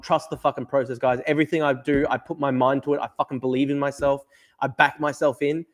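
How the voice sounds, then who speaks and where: A young man hosting a livestream from his desk, talking in a fired-up, profane, rambling way as he reads chat. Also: fairly high pitch. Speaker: livestream host. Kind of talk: casual livestream talk reading chat. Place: at a desk at home. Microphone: desk camera mic.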